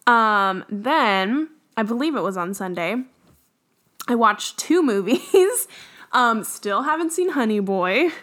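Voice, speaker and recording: Young woman, podcast co-host, fairly high voice, casual chat, giggly. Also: lively intonation, slow pace, fairly bright tone. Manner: chatty, giggly, lots of fillers.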